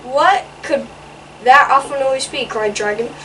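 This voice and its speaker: Woman reader, slow and high, playful asides, picture book read-aloud; distant mic, faint background noise. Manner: playful, adds little comments between pages.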